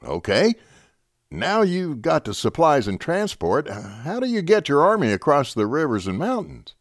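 A man's voice: fairly high pitch, wildly swooping pitch, measured pace, no room sound, studio quality, voice pushed up. A man voicing a stern middle-aged army captain, clipped and sarcastic.

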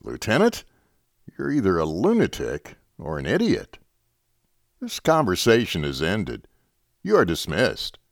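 A man's voice: low voice, wildly swooping pitch, a little slow, long pauses, no room sound, studio quality, full character voice. A man voicing a stern middle-aged army captain, clipped and sarcastic. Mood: icy.

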